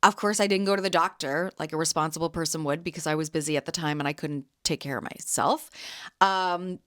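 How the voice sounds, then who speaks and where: A woman in her thirties from Canada, hosting a podcast and telling a chatty story with quick laughs. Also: low-pitched, steady tone, fairly bright tone. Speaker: podcast host and jam vendor. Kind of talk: casual storytelling.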